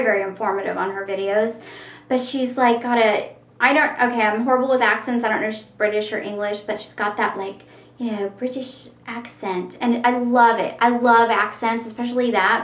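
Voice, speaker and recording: A middle-aged woman with a slightly high voice talks to her camera in a loose, rambling vlog, laughing easily between thoughts. The sound is roomy and echoey, with a dull, lo-fi quality. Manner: chatty, rambling, laughs often. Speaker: YouTube vlogger. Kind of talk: casual chat.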